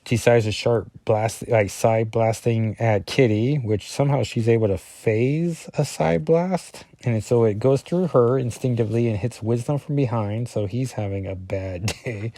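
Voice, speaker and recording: Guy rambling thru a comic review, lowish mellow voice, dry sound, lots of ums and self-corrections. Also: dry recording. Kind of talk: casual commentary reading through a comic.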